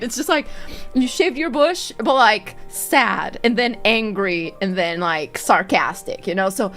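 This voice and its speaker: A woman's voice: high-pitched, fairly bright tone. A woman streaming live and chatting casually with viewers; she giggles constantly and swears freely.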